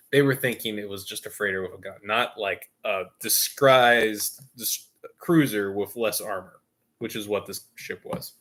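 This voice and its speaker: A man's voice: mid-range voice, a bit bright. A man hosting a gaming stream, telling a long story in casual chat with jokey asides and frequent laughs. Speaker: stream host.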